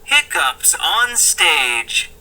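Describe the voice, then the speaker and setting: A woman reading a children's story as narrator, announcing each line slowly. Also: lowish voice, big pitch swings, bright, forceful tone, rough recording.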